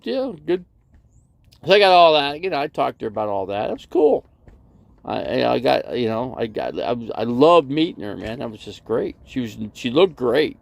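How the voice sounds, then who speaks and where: A man's voice: medium pitch, creaky. A man telling a long rambling story in casual livestream chat, full of restarts and acting out both sides of a conversation. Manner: rambling, lots of "you know" and restarts. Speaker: RV vlogger.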